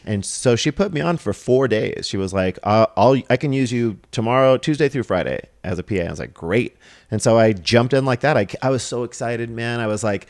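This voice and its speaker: A man's voice: mid-range voice, a little fast, hardly any pauses. A man guesting on a podcast, telling stories casually, acting out quoted dialogue and laughing as he goes. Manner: animated, acts out quoted dialogue; laughs through his stories. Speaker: podcast guest, film director and assistant director. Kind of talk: casual storytelling.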